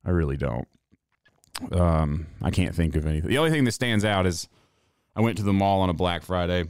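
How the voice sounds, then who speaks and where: A young man ranting on his stream in a low voice, sarcastic and swearing freely with drawling asides. The sound is dry and close, with no room echo. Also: lively intonation, brisk, a little mellow, smooth. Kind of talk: casual profane rant.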